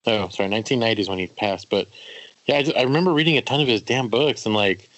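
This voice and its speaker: A man co-hosting a casual podcast, talking in a measured, reflective way. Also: fairly low pitch, a bit bright, no echo, rough recording. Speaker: podcast co-host.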